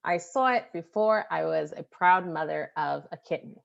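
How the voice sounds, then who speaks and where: A woman co-host chatting about movies, her slightly low voice full of gravelly fry. She tells her stories with animated laughter. The recording sounds dull and lo-fi. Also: moderate pace. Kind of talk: casual movie discussion.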